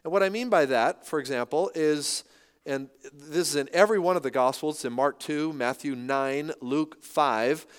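A middle-aged man delivers a sermon with an animated, conversational manner, often poking fun at himself. His voice sits fairly high and sounds smooth and clear. The recording carries a long reverberant tail from a large church hall. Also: moderate pace. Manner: animated, conversational, self-deprecating humor. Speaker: pastor.

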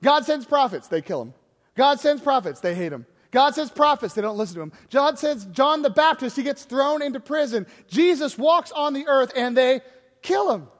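A man's voice: extremely high pitch, expressive, moderate pace, a bit bright, in a large hall. A man preaching a sermon as a pastor, telling the story in a conversational way and acting out the voices of the people he quotes.

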